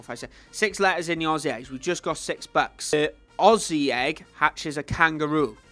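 A man hosting his own gaming channel, giving chatty gameplay commentary that swings between low mumbling and excited squeals. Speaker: YouTube gaming channel host. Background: faint background music.

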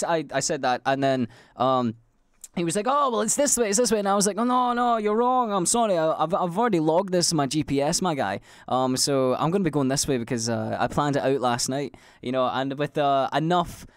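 Scottish dude rambling on his podcast, swears loads, jumps into loud silly voices for quotes, dead dry sound. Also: medium pitch, dry recording. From Scotland. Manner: sweary, animated storytelling with loud acted-out quotes. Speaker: podcast host. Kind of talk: casual rambling monologue.

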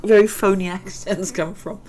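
A woman's voice: medium pitch, fairly even intonation, normal speed, a little mellow, soft background music. A middle-aged woman, chatting and giggling her way through a let's-play game session. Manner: chatty, rambling, giggly asides. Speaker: gaming video host. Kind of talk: casual let's-play commentary.

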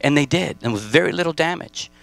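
A man's voice: fairly high pitch, lively intonation, fast, creaky, a bit bright, dry recording. A man preaching a live Sunday sermon as pastor, emphatic, repeating key phrases and stacking short lists, with casual asides to the congregation. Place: church service.

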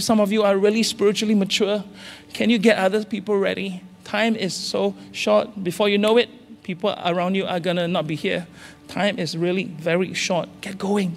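A man preaching with urgent, repeated exhortations, his voice pitched high for a man. His sermon rings through a large church hall with a long reverberant tail. Soft music drifts faintly underneath. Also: gravelly. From Singapore. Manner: urgent, repetitive exhortations with rising calls. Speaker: senior pastor. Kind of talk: impassioned sermon.

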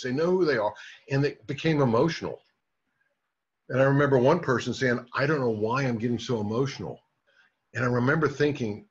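A man with a husky, slightly rough voice delivers a motivational training talk in a direct, coaching manner. He keeps checking in with his listeners as he goes. The recording sounds dull and lo-fi. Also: mid-range voice. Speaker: business trainer.

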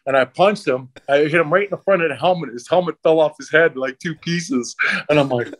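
A man's voice: on the high side, a little fast. A middle-aged man, a former hockey enforcer, telling profane stories in casual chat and acting out the dialogue. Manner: profane, laughing, acts out dialogue in anecdotes. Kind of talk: casual storytelling.

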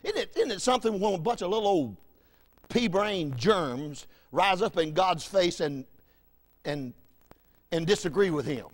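Preacher, male, high-pitched, folksy storyteller, big swings in volume. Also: expressive, measured pace. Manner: folksy, wide swings from loud to hushed. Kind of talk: storytelling sermon.

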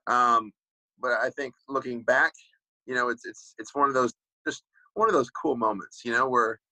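A man's voice: mid-range voice, normal speed, bright, forceful tone, dry recording, low-quality recording. A man in his forties, a former pro football player, talks casually as an interview guest and tells rambling stories full of "you know" and restarts.

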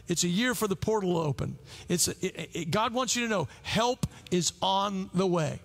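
A man preaching a sermon, telling stories in an animated way with frequent restarts. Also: sits high, moderate pace, vocal fry, faint music behind. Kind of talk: sermon with storytelling. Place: church service.

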